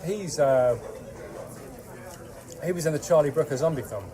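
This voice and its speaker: A man's voice: a little high, moderate pace, a crowd in the background. A man co-hosting a casual film podcast, making dry jokey asides. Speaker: podcast co-host.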